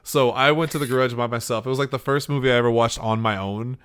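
A man's voice: mid-range voice, steady tone, fast talker, a bit bright, clean tone. Rambling man, podcast host. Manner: rambling storyteller, swears freely. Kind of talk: casual podcast chat.

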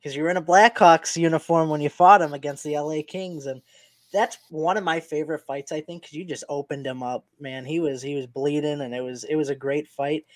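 A man's voice: fairly high pitch, steady tone, brisk, no room sound. A man co-hosting a casual interview, asking questions in a chatty, friendly way. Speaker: podcast co-host.

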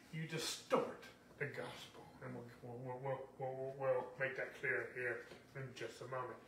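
High-voiced man preaching in an echoey room. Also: fairly bright tone, far from the mic, slight background noise. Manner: emphatic, repetitive preaching with many "okay?" asides. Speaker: pastor. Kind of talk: sermon.

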